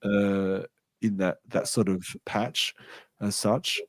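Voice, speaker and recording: Animated man telling a game story. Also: on the low side, slow pace, dry recording. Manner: animated, acts out quoted dialogue. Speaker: podcast co-host. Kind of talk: casual chat, storytelling.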